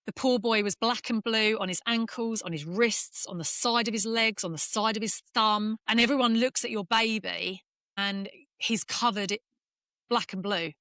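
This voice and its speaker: A middle-aged English woman, a former golfer, talking candidly in an interview and speaking in quick, emotional bursts with restarts. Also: medium pitch, fairly bright tone, no room sound, clean studio sound. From England. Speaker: former professional golfer, guest.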